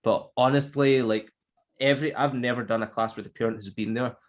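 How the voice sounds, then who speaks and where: A man, an online English teacher, chatting casually and telling animated stories with laughs. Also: medium pitch, brisk. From Scotland. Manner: animated storytelling, acts out quotes with laughs. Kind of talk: casual chat.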